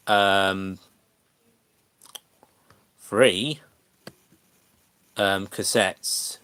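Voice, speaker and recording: A man's voice: low-pitched, pushed and bright, smooth, no echo. An English man chatting casually to viewers on a livestream, hesitant and full of fillers and restarts. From England.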